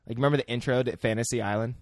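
A man's voice: medium pitch, steady tone, rapid-fire, no echo, clean studio sound. A man co-hosting a casual podcast, joking and chiming in while a movie is recapped. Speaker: podcast co-host.

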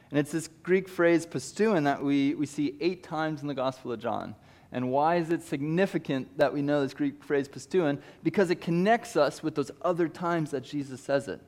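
A man in his thirties preaching a sermon as a pastor, reading scripture and acting out the quoted lines with lively emphasis. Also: a little high, moderate pace.

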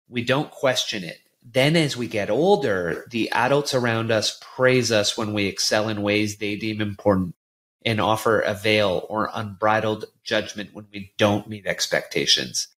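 A man hosting a podcast interview, earnest and halting, often restarting his sentences. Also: fairly low pitch, a bit bright. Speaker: podcast host. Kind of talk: conversational interview.

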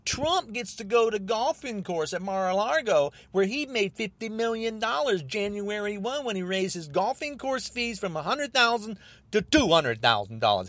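Agitated podcast host man, slightly high voice, very animated pitch, repetitive angry rant. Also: dry recording. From United States. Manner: agitated, repetitive, rising to near shouting.

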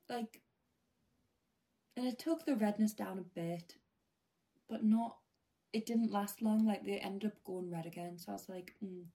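A young woman with a British accent chats through a personal story in a loose, rambling way. Her voice is mellow and warm rather than bright, at an ordinary middle pitch. She often sinks into a quiet near-whisper mid-sentence. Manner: chatty, rambling, often drops to a hush. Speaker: vlogger. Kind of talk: casual storytelling.

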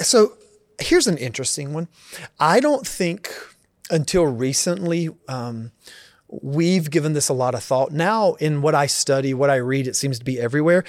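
Earnest reflective pastor, dry close sound. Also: male voice, medium pitch, no room sound. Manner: reflective, earnest, thinks aloud. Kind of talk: casual interview answers.

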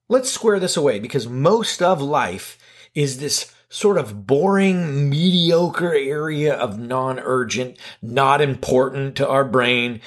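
A man with a husky, slightly breathy voice talks straight to his viewers in a loose self-help chat. He is animated and self-mocking, throwing in mild swears and jumping high in pitch for comic emphasis. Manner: casual, with light swearing. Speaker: video host. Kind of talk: casual self-help talk to camera.

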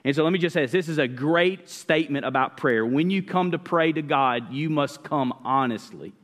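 A man's voice: fairly high pitch, normal speed, a bit bright. A man preaching a sermon as pastor, earnest and conversational, often restarting his sentences. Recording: long reverb of a church hall.

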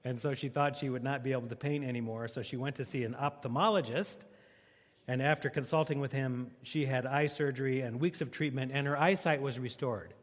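A man's voice: mid-range voice, a little fast, big-room sound. A man preaching a sermon as a pastor, in a joking, conversational way.

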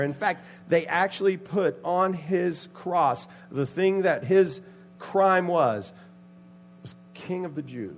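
A man preaching a sermon, telling a Bible story with lively acted-out voices and sudden loud outbursts. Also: medium pitch, a little slow. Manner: animated, acts out the characters' voices with loud outbursts. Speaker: pastor.

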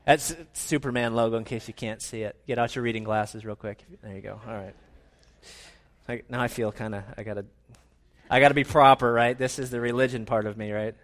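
A man preaching a playful, animated sermon in a church, drawing the congregation into a hands-on retelling. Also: medium pitch, brisk. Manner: animated, playful, with audience participation. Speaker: pastor.

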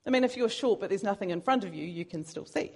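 A woman's voice: medium pitch, animated, fast, a little mellow. A woman preaching a sermon in an earnest, conversational way, now and then poking fun at herself. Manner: earnest, conversational, self-deprecating.

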